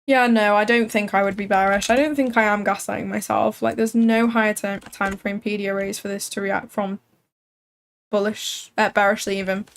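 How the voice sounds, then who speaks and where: A woman's voice: medium pitch, level tone, normal speed. A woman hosting a live trading stream, chatting casually and thinking aloud with frequent filler words. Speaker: livestream trading host.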